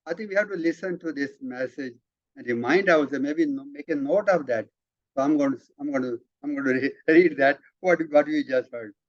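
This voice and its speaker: A man leading a spiritual study session, explaining emphatically with repeated words and halting restarts. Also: on the high side, no echo. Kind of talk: explanatory talk, reading out and commenting. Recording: dull lo-fi, dry sound.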